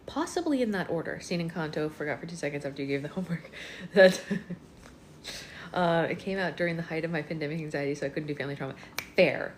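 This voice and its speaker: A chatty woman with a fairly low voice, hosting a live online book club while getting over a cold. She talks casually and answers viewer comments. A faint hum of room noise sits behind her. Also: fast talker. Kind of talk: casual livestream chat.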